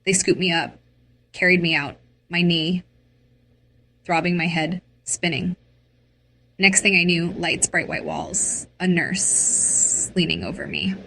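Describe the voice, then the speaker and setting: A woman's voice: fairly low pitch, animated, slow pace, pauses often, bright, forceful tone. A woman narrating a dramatic first-person story.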